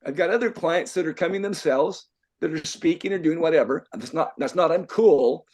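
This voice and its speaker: A man's voice: a little high, moderate pace, a little mellow. An older man, a life coach, giving an emphatic motivational talk to a group, repeating himself and firing rhetorical questions. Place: event room with a live group.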